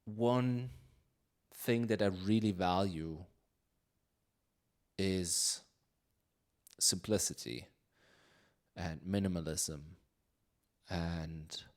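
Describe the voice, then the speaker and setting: A man talks slowly in a low voice while he codes live, thinking aloud and circling back on his sentences. He keeps it loose and conversational, full of fillers and trailing restarts. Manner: reads chat questions aloud. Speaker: live-coding streamer. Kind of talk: casual live-coding chat.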